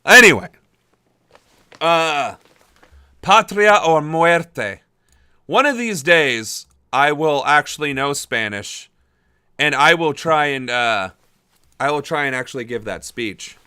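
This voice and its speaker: A man's voice: a little high, animated, unhurried, pushed and bright, clean tone, no echo, studio quality. A young man hosting a political livestream, chatting casually and rambling with lots of fillers. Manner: chatty, rambling, laughs easily, many fillers. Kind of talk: casual live-stream chat reading chat messages.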